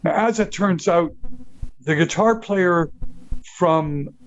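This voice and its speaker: Slow-talking profane older man telling stories. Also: high-pitched, highs cut off, a little hiss or hum. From Canada. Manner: profane, animated, acts out quotes with laughs. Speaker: guest musician. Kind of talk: casual storytelling interview.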